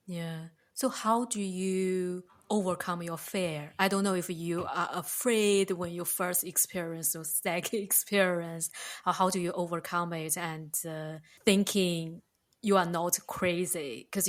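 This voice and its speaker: A woman with a fairly low voice hosts a podcast interview. She listens with brief murmurs of agreement, then asks curious, searching questions, laughing softly as she talks. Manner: curious, soft laughs, short backchannels. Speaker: podcast host.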